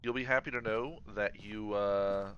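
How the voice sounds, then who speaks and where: A man's voice: on the low side, steady tone, a little slow, slight background noise. A man streaming a game, chatting casually and rambling with many fillers and restarts. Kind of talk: casual chat while gaming. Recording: slightly dull livestream audio.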